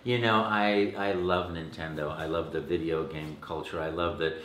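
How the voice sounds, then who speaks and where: A man being interviewed as a voice actor, telling stories in an animated way and acting out the lines he quotes. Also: rumbling low, moderate pace, roomy sound, crowd noise. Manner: animated, acts out quotes, many restarts. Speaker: voice actor guest. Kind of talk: casual interview storytelling.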